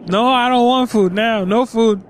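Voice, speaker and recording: A man's voice: very high voice, normal speed, slight background noise. A man making crude, bossy prank phone calls as a radio show host.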